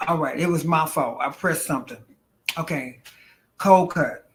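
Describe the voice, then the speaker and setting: A woman's voice: low voice, a little slow. Chatty woman giving live psychic readings. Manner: chatty, calls viewers honey and girl, laughs often. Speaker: intuitive reader hosting a live stream. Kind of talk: casual live-stream chat and psychic reading. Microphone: phone.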